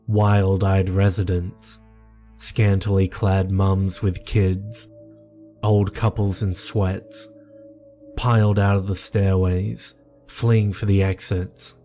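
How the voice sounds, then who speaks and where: Slow, flat-toned horror narrator, a man. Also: low-pitched. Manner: measured, grave storytelling. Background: faint music.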